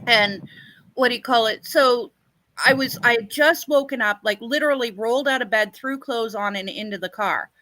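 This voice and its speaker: A Canadian woman co-hosting a live stream chat, with a fairly high, bright, forceful voice. She rambles through her stories and keeps reaching for words with "what do you call it," recorded close and dry with no room echo. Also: normal speed. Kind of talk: casual storytelling chat.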